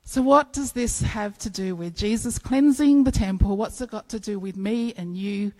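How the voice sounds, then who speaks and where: A woman preaching a sermon, telling stories in an animated way and acting out playful bits of dialogue. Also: medium pitch, moderate pace, rough recording.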